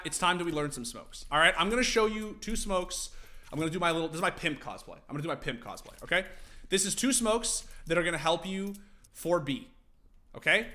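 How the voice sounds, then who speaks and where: A young man casually streaming, teaching game tactics to his chat, animated and profane. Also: a little high. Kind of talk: casual livestream commentary.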